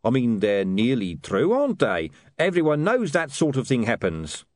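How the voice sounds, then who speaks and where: A man's voice: medium pitch, wildly swooping pitch, moderate pace, darkish tone, dry recording, clean studio sound, voice pushed up. A man voicing a shifty, wheedling street hawker in an audiobook.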